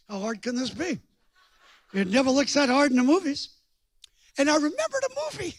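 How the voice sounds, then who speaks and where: An older male preacher tells stories from the pulpit in a folksy, joking manner. His voice sits very high and sounds dry and close to the mic. He drops to near-whispers and then bursts out loud. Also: dry recording. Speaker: guest preacher. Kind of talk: storytelling sermon.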